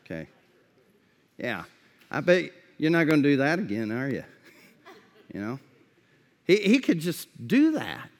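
A man preaching in a relaxed, conversational way, often restarting his phrases and dropping to a soft, slow voice for reflective questions. His voice sits fairly high and unhurried. The sound rings with the long reverb of a large hall. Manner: conversational preaching with repeated false starts. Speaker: pastor. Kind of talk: sermon.

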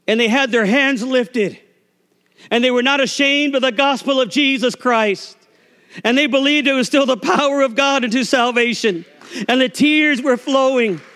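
Male pastor, high voice, folksy storytelling sermon, long hall reverb. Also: fairly bright tone. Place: church sanctuary.

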